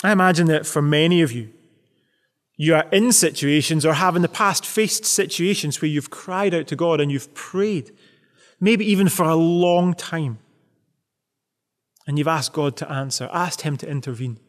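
A man delivering a Sunday sermon, his voice sitting high for a man and carrying a long reverberant tail. He preaches earnestly, pressing question after question to the congregation. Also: normal speed. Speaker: pastor.

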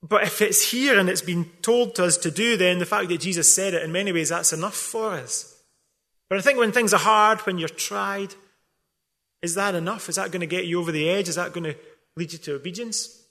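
A high-voiced man preaches with a bright, sharp edge to his tone. He drives his points home through rhetorical questions and slips in dry, joking asides. The delivery is that of a pastor in full sermon. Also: brisk. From not from England.

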